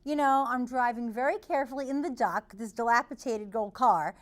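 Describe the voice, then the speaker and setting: A woman from Massachusetts's North Shore with an East Boston accent, hosting her show and telling a story in an animated, loud way, acting out the people she quotes. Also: fairly high pitch, fairly quick. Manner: animated, gets loud, acts out the voices of people in her stories. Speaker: host. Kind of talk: storytelling monologue.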